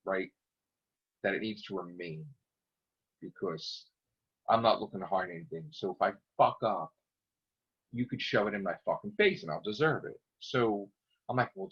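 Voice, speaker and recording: A man ranting casually to camera as a vlogger, excitable and rambling, swearing constantly. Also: fairly low pitch. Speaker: YouTube vlogger. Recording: dull lo-fi recording.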